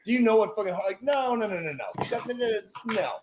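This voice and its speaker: A man's voice: high voice, lively intonation, fast, crowd noise. A male podcast co-host in a heated casual rant, with expletives in nearly every line. His voice sits a little above the usual male range. He repeats his points with blunt force. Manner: profane, emphatic ranting with repeated phrases.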